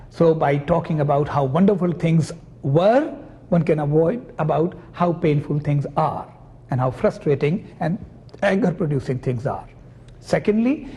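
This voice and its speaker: A man's voice: high voice, warm tone. A man, a psychoanalyst, giving an academic lecture and explaining his points patiently through clinical examples.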